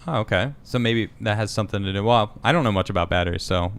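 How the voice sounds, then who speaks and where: A man hosting a casual podcast stream, reading viewer comments aloud and reacting with quick asides. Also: fairly low pitch, clear, resonant tone. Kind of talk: casual live-stream chat.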